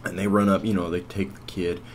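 A man's voice: deep voice, level tone, a little fast, slight background noise, natural voice. A man voicing a scruffy, beer-bellied, self-important guy who narrates in a rambling, meandering way full of false starts. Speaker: cartoon lead and narrator. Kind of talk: rambling storytelling.

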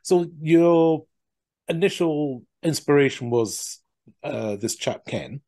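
Mellow-voiced male interviewer, halting. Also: fairly high pitch, lively intonation. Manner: halting, repeats his words while forming questions. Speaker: podcast host. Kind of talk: interview questions.

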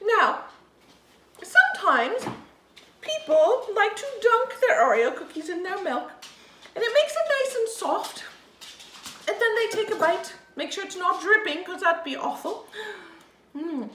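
A woman's voice: very high-pitched, big pitch swings, unhurried, long pauses, fairly bright tone. A woman hosting a playful children's food segment, bubbly and giggly, with exaggerated delivery. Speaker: host of a kids' food segment. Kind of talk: playful show-and-tell for children. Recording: echoey room with faint noise.

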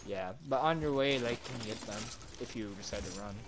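A man in casual gaming chat over voice chat, excitable and swearing a lot. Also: fairly low pitch, a little fast. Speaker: gamer.

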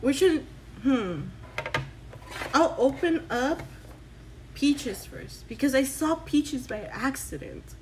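Excitable woman vlogger, high voice, unhurried gushing delivery. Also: a little hiss or hum, poor audio. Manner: excitable, gushing, squeals in delight. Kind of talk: casual unboxing vlog.

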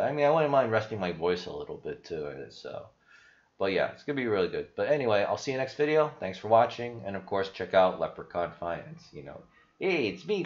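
A man giving rambling, casual commentary over his screen as a crypto investing YouTuber, often tagging on "right?" and "you know". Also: lowish voice. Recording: dull lo-fi audio.

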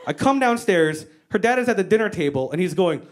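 A woman's voice: lowish voice, expressive, a little fast. A woman performing stand-up comedy in a brash, profane storytelling style with acted-out quotes, speaking into a handheld mic on stage. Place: stage before a live audience.

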